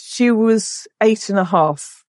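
A woman in her forties, a podcast guest, tells a personal story emotionally, halting and restarting often. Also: medium pitch, darkish tone, no echo, studio quality.

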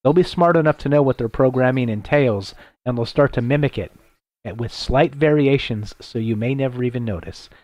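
This is the same traveling host running his late-night radio talk show from a laptop, still rambling casually and teasing himself over his slip-ups. Here he sounds mid-range, fairly quick and a little mellow, captured in a dry recording.

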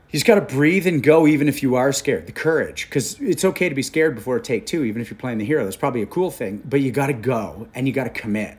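A man's voice: mid-range voice, fast talker, few pauses. A man in his forties from Canada, an actor talking candidly and animatedly as an interview guest. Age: 40s. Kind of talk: casual storytelling conversation.

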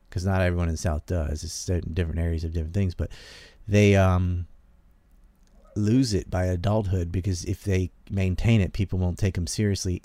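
A man's voice: deep voice, a little mellow, no echo. A man from the American South hosting a podcast, talking in a rambling, casual way, trailing off, restarting and laughing often. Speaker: podcast host. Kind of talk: casual political chat.

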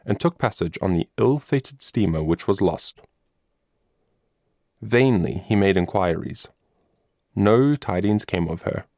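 A man reading a storybook aloud in steady, solemn narration. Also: lowish voice, creaky, no echo, studio quality. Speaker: audiobook narrator.

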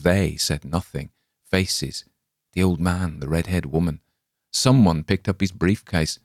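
Deep-voiced man narrating a dark tale. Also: expressive, moderate pace, no room sound, clean studio sound. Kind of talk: scripted story narration.

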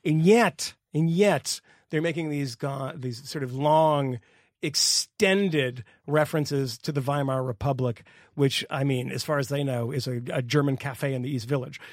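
A man on a podcast going on an animated, exasperated rant, swearing and laughing as he talks. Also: mid-range voice, measured pace, no room sound, clean studio sound. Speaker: podcast co-host. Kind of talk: casual political rant.

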